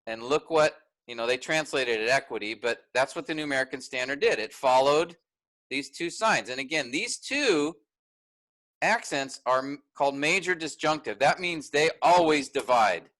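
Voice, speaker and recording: A man's voice: mid-range voice, expressive, moderate pace, fairly bright tone, low-quality recording. A man teaching a workshop, explaining step by step and often checking in with "all right?".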